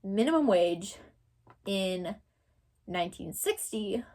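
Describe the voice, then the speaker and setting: A woman's voice: medium pitch, expressive, takes it slowly, a little mellow. A young woman from Texas giving casual commentary, thinking aloud and rambling with lots of filler words. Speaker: commentary creator.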